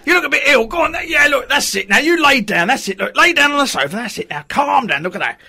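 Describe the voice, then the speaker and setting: Man playing a high, lively, evasive sitcom schemer; noisy radio comedy recording. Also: fast talker, creaky, exaggerated voice. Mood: coaxing. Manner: evasive, stammering, pushy. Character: Sid, shifty scheming older man. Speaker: sitcom character. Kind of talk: amateur radio comedy acting.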